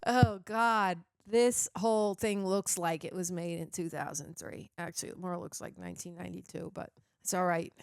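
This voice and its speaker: A woman hosting a casual movie reaction, chatty, bubbly and excitable. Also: on the low side, normal speed, vocal fry, clean tone, faint music behind. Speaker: host.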